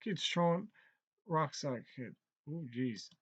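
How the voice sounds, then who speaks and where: A man's voice: a little high, expressive, a little slow, muffled recording. A man reacting to an anime episode in casual commentary, making dry, wry asides.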